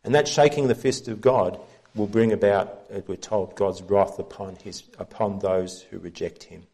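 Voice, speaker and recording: A male pastor delivers a sermon in a church setting. His voice sits a little low and sounds warm and mellow. He explains scripture in an earnest, measured way. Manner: earnest, measured Bible teaching.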